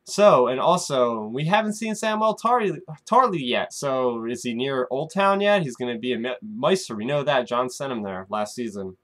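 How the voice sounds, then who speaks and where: A man talks casually to his viewers as host of his own weekly recap show. He speculates freely and keeps calling out "guys" between points. His voice sits at an average pitch. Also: expressive, normal speed, hardly any pauses, fairly bright tone. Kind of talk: casual chat to the camera.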